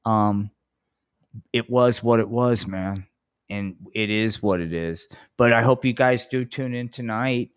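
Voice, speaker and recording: A man's voice: fairly low pitch, a little slow, clear, resonant tone, no room sound, studio quality. Rambling, profane male podcast host. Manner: rambling, profane, laid-back. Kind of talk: casual live podcast chat.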